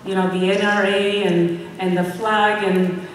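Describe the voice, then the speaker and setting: A woman's voice: medium pitch, flat delivery, measured pace, slight background noise. A woman from Mexico giving an earnest speech as a guest speaker at a public event, with small restarts. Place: event hall. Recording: echoey hall, from far off.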